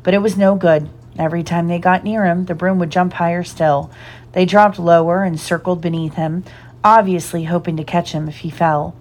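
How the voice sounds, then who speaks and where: Storybook reader: woman, slightly low voice, animated and expressive delivery. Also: normal speed. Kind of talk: reading a storybook aloud.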